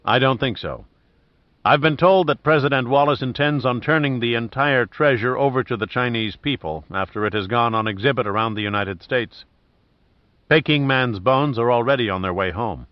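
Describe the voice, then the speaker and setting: A man reading the lines of a calm, dry-witted male adventurer in his own voice, on a dull dry recording. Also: medium pitch, moderate pace, no room sound, natural voice.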